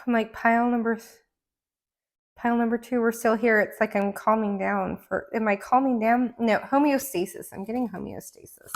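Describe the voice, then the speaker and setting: A woman giving a casual tarot card reading at home, rambling and excitable, with gasps and laughs between her thoughts. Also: fairly high pitch, normal speed. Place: indoor room. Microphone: camera mic.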